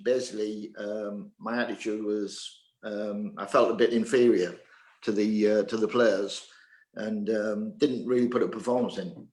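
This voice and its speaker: A man's voice: on the low side, fairly even intonation, measured pace, darkish tone, roomy sound, low-quality recording. An older man from England, a former table tennis player and coach, reminiscing in a Q&A in a hesitant way, with many fillers and restarts. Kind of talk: casual reminiscing in a Q&A.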